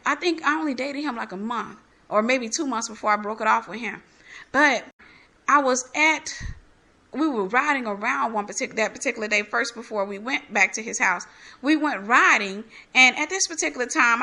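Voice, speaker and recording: A woman's voice: fairly high pitch, pushed and bright. A woman giving a candid personal testimony, telling her story animatedly and acting out the dialogue. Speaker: ministry host giving testimony.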